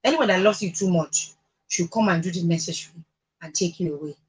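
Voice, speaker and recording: A woman's voice: on the low side, fairly quick, slightly rough, low-quality recording. A Nigerian woman in her thirties hosting a radio talk show, giving earnest, chatty advice with fillers and laughs.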